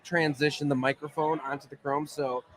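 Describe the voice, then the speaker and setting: A man's voice: on the high side, little pitch movement, normal speed, fairly bright tone, rough recording. A sports journalist, a man, chatting on a live podcast in a pizza bar, telling stories full of asides. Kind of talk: casual chat.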